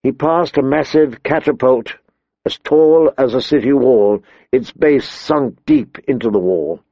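A man narrating a story in a measured, even reading, in a dull lo-fi recording. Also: medium pitch, dry recording. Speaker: audiobook narrator. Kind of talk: scripted narration.

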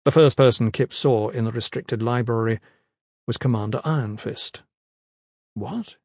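A man reading a fantasy novel aloud in a measured, wry narration. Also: mid-range voice, fairly even intonation, a little mellow, no room sound. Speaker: audiobook narrator. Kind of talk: scripted narration.

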